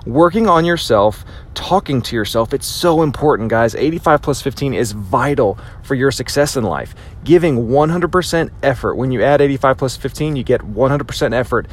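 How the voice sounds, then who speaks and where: A man giving a motivational speech, emphatic and repetitive, acting out his inner voice now and then. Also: on the high side. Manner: emphatic, repeats phrases for impact, acts out inner voices. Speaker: motivational speaker.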